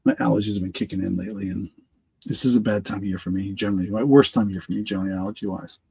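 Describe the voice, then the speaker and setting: A middle-aged man hosting a live online auction, congested from allergies and slightly raspy, rambling and correcting himself as he answers viewers by name. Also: on the low side, steady tone, very fast, a little mellow, no room sound. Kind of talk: live-stream auction chat.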